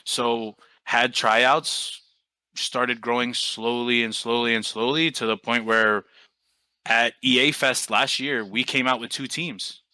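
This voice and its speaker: Guest spot: young New man, bright voice, dry close sound, loose storyteller who swears casually. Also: mid-range voice, fairly even intonation, slow, no echo, rough recording. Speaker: podcast guest, team coach.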